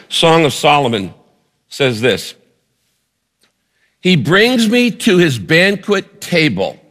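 A man's voice: medium pitch, creaky, fairly bright tone, long reverb tail. A male pastor preaching a sermon, painting a vivid story for the congregation and repeating words as he builds a point.

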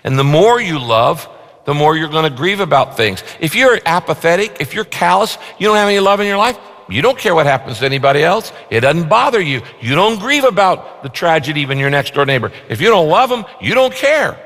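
A man preaching a sermon as pastor, with emphatic repetition, rising for stress and then dropping low. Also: expressive, a little fast, fairly bright tone, big-room sound. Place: large church auditorium.

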